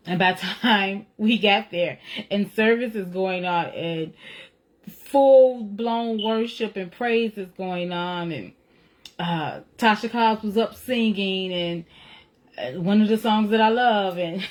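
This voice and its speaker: A woman's voice: medium pitch, takes it slowly. A woman telling a personal faith story in a casual, earnest way, often checking in with "right?" and "you know". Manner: reflective, retelling feelings with rising emotion. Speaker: author sharing a personal testimony.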